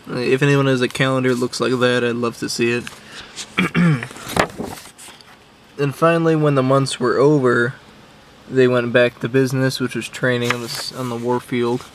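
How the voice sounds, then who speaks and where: A man's voice: medium pitch, little pitch movement, normal speed, long pauses, noisy background. Offhand young man reading aloud. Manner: offhand, wry, frequent ums. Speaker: YouTuber. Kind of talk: casual chat reading a childhood book aloud.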